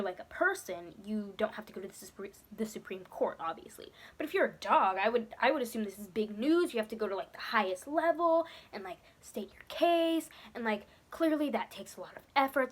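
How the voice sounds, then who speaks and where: Brief: young female vlogger, emphatic and exasperated, fairly high voice, repeats lines for punch. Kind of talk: casual vlog rant about a film.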